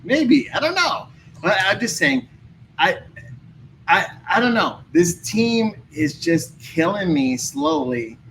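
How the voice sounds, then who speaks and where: A man chatting casually as a podcast guest, venting his frustration in an excitable, ranting way. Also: high-pitched, slow, slight background noise, poor audio. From Chicago area. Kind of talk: casual chat.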